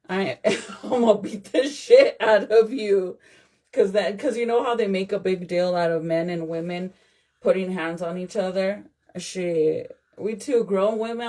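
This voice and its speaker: Gravelly woman ranting about a clip. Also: on the low side, mellow. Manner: blunt, swearing, fired up. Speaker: content creator reacting to a clip. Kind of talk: casual reaction commentary.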